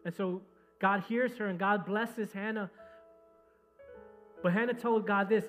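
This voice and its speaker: A man with a notably high voice preaches to his church. He moves from loud, pressing exhortation to quiet, low retelling of the story. Faint instrumental music plays beneath his words. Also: lively intonation, unhurried, long pauses, highs cut off. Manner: preaching with swings from loud and urgent to soft and low. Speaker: pastor. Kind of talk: sermon.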